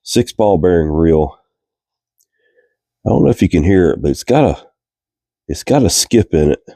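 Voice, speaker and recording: In a casual workshop narration, the host of a reel repair channel works on a fishing reel in a cold garage, chatting in a relaxed way and using fillers as he thinks aloud. He's a man with a low voice, a Virginian accent and cold-stuffed sinuses, talking at normal speed in a studio-quality recording with no room sound.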